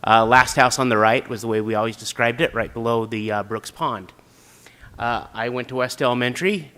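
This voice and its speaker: A man's voice: mid-range voice, a bit bright. A middle-aged man from Utah giving an earnest, prepared personal speech as an applicant for a city council seat, with frequent "uh"s. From Utah, USA. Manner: earnest, with frequent filler sounds.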